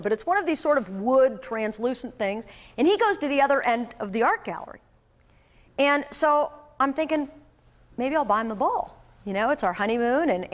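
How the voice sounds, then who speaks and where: A woman giving a motivational sales talk to an audience, telling a lively personal story in a conversational way. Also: fairly high pitch. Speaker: sales trainer.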